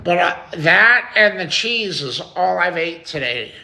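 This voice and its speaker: A man's voice: high-pitched, animated, a little slow, gravelly, pushed and bright. A man hosting a casual livestream, chatting to viewers, reading their comments aloud and swearing freely. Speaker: livestream host.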